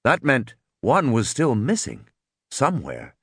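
A man narrating an audiobook in a dramatic, expressive way. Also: mid-range voice, unhurried, husky, dry recording, clean studio sound.

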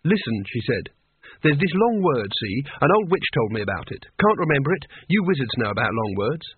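A man voicing a fierce, blunt young barbarian woman who talks in a curt, irritable, matter-of-fact way, with a husky voice. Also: medium pitch, big pitch swings, a little fast, slight background noise, natural voice. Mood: impatient. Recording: tinny phone-like sound.

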